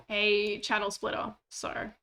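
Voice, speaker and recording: Gravelly, bright-voiced woman streamer. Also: medium pitch, monotone, slow, a little hiss or hum. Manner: rambling, self-deprecating, joking asides. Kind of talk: casual gameplay commentary. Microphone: cheap desktop microphone.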